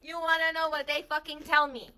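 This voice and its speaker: A young woman telling a wild personal story in a casual monologue, animated, exasperated and full of swearing. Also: sits high, fairly quick, low-quality recording. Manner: animated, profane, exasperated retelling.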